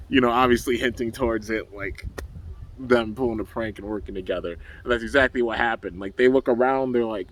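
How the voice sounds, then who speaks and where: A man's voice: mid-range voice, fairly even intonation, fairly quick, low-quality recording. A young man casually recapping a cartoon episode, rambling and laughing often as he acts out the characters' lines. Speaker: anime reviewer.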